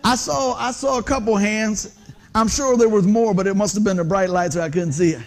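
A man preaches from a church stage. His voice sits high for a man and stays animated and folksy. He keeps asking the congregation questions as he talks. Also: brisk. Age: 50s. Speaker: pastor. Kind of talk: sermon. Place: church sanctuary under stage lights.

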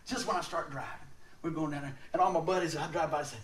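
High-voiced man preaching in an echoey hall. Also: fast talker. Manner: animated, laughs often while telling stories. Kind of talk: storytelling sermon. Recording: roomy sound, mic at a distance.

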